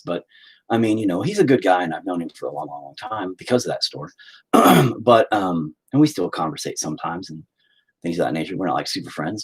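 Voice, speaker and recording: A man's voice: lowish voice, breathy edge. A man telling a rambling, profane story in casual chat while live-streaming his painting.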